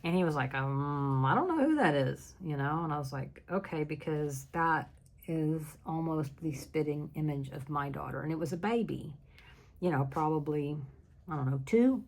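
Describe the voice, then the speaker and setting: A middle-aged woman hosts a relaxed chat, telling a story with a low, gravelly voice. She laughs easily and jumps into lively voices when she quotes people. The talk rambles along in a friendly, conversational way. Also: normal speed. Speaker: craft channel host.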